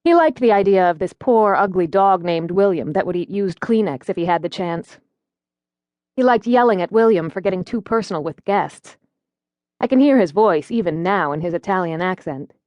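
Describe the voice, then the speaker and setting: A woman's voice: fairly low pitch, lively intonation, moderate pace, a little mellow, no echo. A woman narrating a first-person audiobook in a wry, conversational storytelling manner, recorded in a studio.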